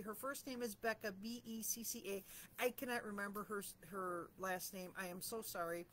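A woman's voice: fairly high pitch, a bit bright, slight background noise. A middle-aged woman talking in a casual, candid and self-deprecating way as she reflects in her vlog. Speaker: vlogger.

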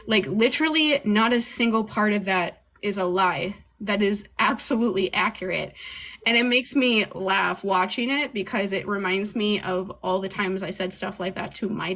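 A woman's voice: medium pitch, a little slow, fairly bright tone. Casual rambling woman podcaster. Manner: rambling, laughs often, swears casually. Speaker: podcast co-host.

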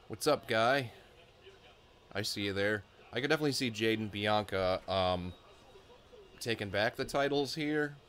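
A man with a fairly low voice talks loosely over a match as he watches it. He thinks out loud and wanders into asides, with plenty of "um" and "like" along the way. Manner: chatty, thinks aloud with fillers and asides. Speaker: wrestling reaction streamer. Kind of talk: casual live reaction commentary.

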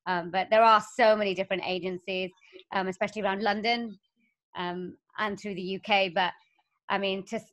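Brief: young woman from Wales, voiceover artist and singer, mid-pitched, chatty and upbeat guest. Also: fairly even intonation, normal speed, a bit bright. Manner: chatty, upbeat, laughs often. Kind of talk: casual interview chat.

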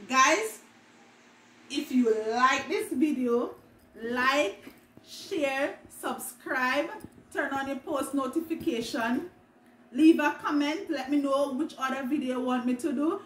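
A young woman with a Jamaican accent chatting casually on her vlog, playful and quick to laugh as she acts out everyday phrases. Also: high voice, fairly bright tone, far from the mic, a little hiss or hum. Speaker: vlogger. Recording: roomy echo, mic set back, faint room ambience.

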